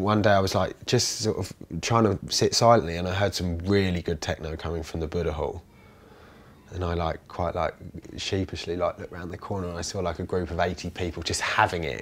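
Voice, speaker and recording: A man with a fairly low voice tells his story in a loose, conversational way. He rambles, restarts his sentences and gets animated as he goes. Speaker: interviewee, commune resident. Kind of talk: casual storytelling interview.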